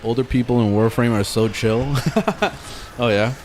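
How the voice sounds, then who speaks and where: Casual male streamer, mid-pitched, animated storyteller who swears freely, faint game music behind. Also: measured pace. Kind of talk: casual gaming stream chat.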